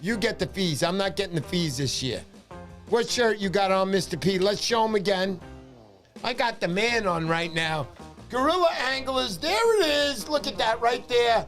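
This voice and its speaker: A man hosting a fishing livestream, talking fast and excitedly, shouting cheers and pitching memberships. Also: soft background music. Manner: loud, hyped, shouting cheers. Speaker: livestream host. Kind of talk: excited casual livestream chat.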